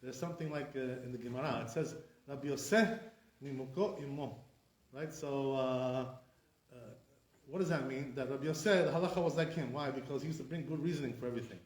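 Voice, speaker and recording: A man's voice: mid-range voice, quick pace, a little mellow. A man, a rabbi, teaching an informal class to students, explaining step by step, checking in with listeners and saying sounds aloud to demonstrate them. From Sephardi community. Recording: echoey room.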